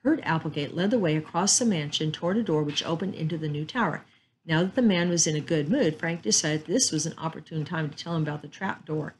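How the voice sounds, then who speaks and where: A woman storyteller reading a chapter book and a Bible story aloud in a calm, measured way. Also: low-pitched, a little hiss or hum, poor audio.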